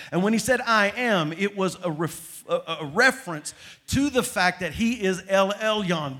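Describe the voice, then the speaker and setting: Guy preaching a sermon, kinda high voice, gets real dramatic and loud then drops soft.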